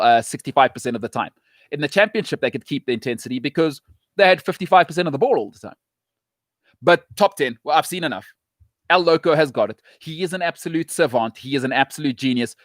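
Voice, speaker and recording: A middle-aged man hosting a talk show, giving emphatic, punchy football opinions with quick repetitions. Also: mid-range voice, no room sound, studio quality. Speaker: show host.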